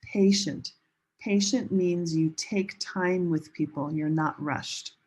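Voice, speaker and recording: A woman teaching English as a second language in a recorded online lesson, modeling pronunciation slowly and carefully and repeating words for learners. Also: lowish voice, darkish tone, husky, rough recording. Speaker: ESL teacher.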